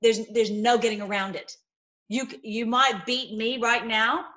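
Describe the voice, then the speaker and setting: A woman giving an informal, impassioned sermon, swinging between loud outbursts and low murmurs, with many repeated words. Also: steady tone, unhurried, highs cut off. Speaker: preacher.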